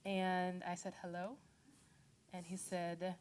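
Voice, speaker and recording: A woman's voice: fairly low pitch, fairly even intonation, moderate pace. Chatty woman introducing a song on stage. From Nigerian family, raised in the United States. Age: 30s. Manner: chatty and self-deprecating, many fillers, laughs easily. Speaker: singer-songwriter performing live.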